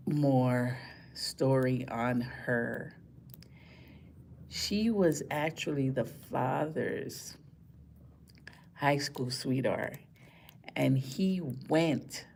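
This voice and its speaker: Tired woman live-streaming commentary, slow and gravelly, indignant and repetitive, faint room noise. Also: a bass voice, a little mellow. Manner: chatty, indignant, repeats words for emphasis. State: tired after a rough morning. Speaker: vlogger talking to live viewers.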